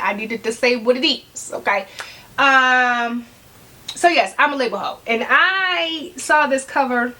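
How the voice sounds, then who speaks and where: A woman talks casually to the camera as a vlogger, her voice sitting a little high. She is sassy and animated, addressing viewers directly and tossing in "okay?" to keep them with her. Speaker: fashion vlogger.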